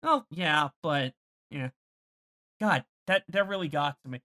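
A woman's voice: low-pitched, lively intonation, a little slow, pushed and bright. A woman co-hosting a podcast, speaking emphatically and swearing a lot in a casual chat. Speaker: podcast co-host.

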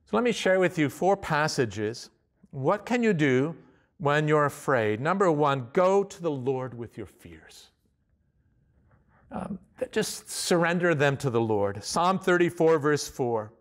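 A man preaching a sermon in a conversational way, often restarting phrases and reading scripture slowly. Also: fairly high pitch, expressive. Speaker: pastor.

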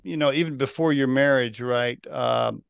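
A man's voice: mid-range voice, steady tone, normal speed, creaky, clear, resonant tone, no room sound, clean studio sound. A man hosting a podcast, talking loosely and easygoing with lots of "you know" and "uh". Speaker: podcast host. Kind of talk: casual interview conversation.

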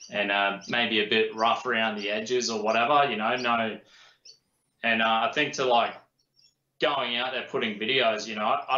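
A man's voice: mid-range voice, bright, forceful tone. A young man from New Zealand with an Australian accent, chatting casually as an interview guest in a laid-back, rambling way with many fillers. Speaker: guest YouTuber. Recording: echoey, muffled remote call audio.

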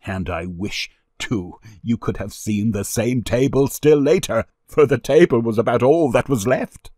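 A man narrating an old storybook in an expressive, lively way. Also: mid-range voice, unhurried, no echo, clean studio sound. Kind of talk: storybook reading.

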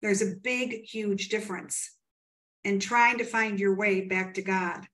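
A woman's voice: mid-range voice, steady tone, unhurried, a bit bright. A woman from the United States, a psychic medium, retelling a client conversation with emphatic, quoted dialogue in an interview. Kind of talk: animated storytelling in an interview.

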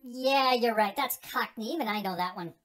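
A man's voice: very high-pitched, normal speed, a bit bright. A man playing a stoned party guest who mangles fake accents in a comedy sketch. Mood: silly.

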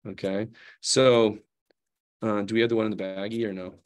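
A man's voice: fairly low pitch, flat delivery, normal speed, long pauses. A man giving a hands-on cooking demonstration, chatty and playful, often checking in with his audience. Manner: playful asides while demonstrating. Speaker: knife demonstrator.

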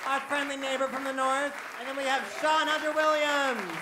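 Man, comedy night emcee, very high voice, echoey room, loud crowd noise. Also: level tone, moderate pace. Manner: upbeat emcee thanking staff and comedians. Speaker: show host. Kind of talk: closing announcements at a comedy show.

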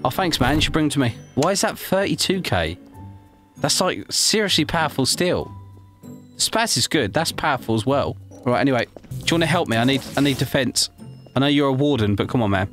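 A man's voice: mid-range voice, animated, brisk, a bit bright, soft background music. A man with an English accent, a gaming YouTuber joking and roleplaying through a prison game with cheeky banter. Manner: cheeky, joking, calls people mate and son. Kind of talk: playful gameplay commentary and roleplay chat.

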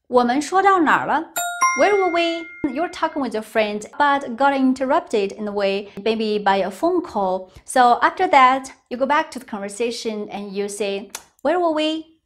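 A woman teaching a language lesson, saying each phrase, explaining it simply and repeating it slowly. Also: fairly high pitch, fairly bright tone. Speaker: Chinese teacher.

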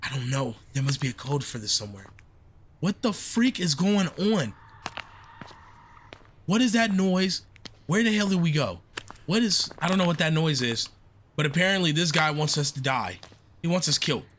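A young male streamer talks through a horror game in loose slang, jumpy and exclaiming. His voice is fairly high and bright with a tense edge. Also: big pitch swings, a little fast, a little hiss or hum. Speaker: gaming streamer. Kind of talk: casual let's-play commentary.

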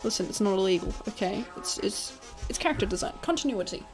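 A woman's voice: medium pitch, fast talker. A woman streaming games, reacting with lots of swearing and laughter in casual commentary. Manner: excitable, swears and laughs a lot. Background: game music.

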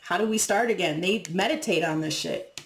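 Lowish-voiced woman reading tarot, profane and frank. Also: brisk, reverberant. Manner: frank, swears freely, laughs while acting out voices. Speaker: tarot reader. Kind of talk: casual tarot reading to viewers.

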